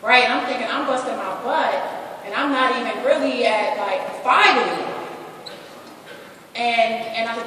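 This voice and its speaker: A woman's voice: a little high, a little fast, fairly bright tone. A woman giving a candid, joking motivational talk to a live audience at a business event. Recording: echoey hall, distant mic, background noise.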